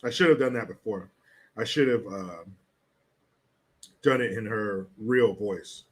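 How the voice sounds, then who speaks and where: A man's voice: lowish voice, unhurried. A man hosting a casual political commentary livestream, sarcastic and blunt, swearing freely.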